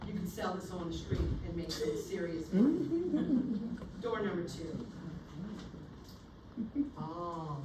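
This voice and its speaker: Woman, nursing instructor, animated and theatrical, roomy classroom recording, distant mic. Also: fairly low pitch, takes it slowly, long pauses, background noise. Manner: animated, theatrical, acts out scenarios. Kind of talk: classroom lecture. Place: lecture room. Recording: echoey room, recorded from afar.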